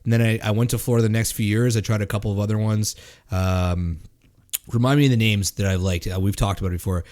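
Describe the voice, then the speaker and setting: This podcast co-host has a lowish, steady, slightly mellow voice. Chatting casually on a drinking show, he wanders from point to point, curses freely, and stumbles through fillers and false starts.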